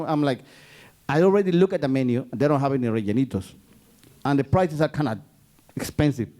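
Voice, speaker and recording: A storyteller from Guatemala with a voice pitched a little above the usual for a man. He tells his story live and acts out the voices of the people in it. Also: dark tone.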